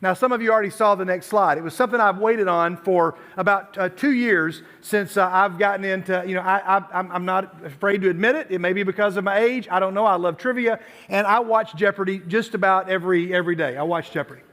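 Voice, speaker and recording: A man's voice: high voice, a little fast, hardly any pauses, fairly bright tone. A man from Tennessee giving a youth sermon, chatty and storytelling, with self-deprecating asides. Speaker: youth pastor.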